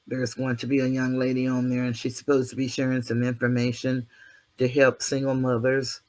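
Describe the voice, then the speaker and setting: A man's voice: mid-range voice, completely flat delivery, brisk, a little mellow. Male vlog host, motivational monologue; preachy, down-to-earth, self-mocking. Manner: preachy, earthy, self-deprecating, mild cursing. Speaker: channel host.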